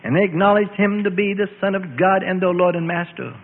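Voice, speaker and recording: A man's voice: sits high, a little fast. A man narrating a Bible story in a dramatic, vivid storytelling style, heard through a tinny radio broadcast. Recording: tinny phone-like radio with long reverb.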